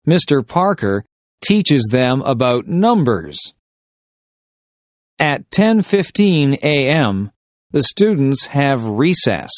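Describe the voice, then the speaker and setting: A man reading simple short stories slowly and deliberately for English shadowing practice. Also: mid-range voice, big pitch swings, no room sound, clean studio sound. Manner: deliberate, carefully paced reading of short sentences. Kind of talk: slow scripted story reading for shadowing practice.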